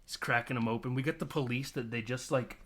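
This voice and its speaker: A man's voice: medium pitch, fast, a little hiss or hum. Male podcast host, casual film recap, keeps slipping into voices for the characters. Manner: animated, acts out character lines in mimicking voices; laughs often, lots of "like" and "uh".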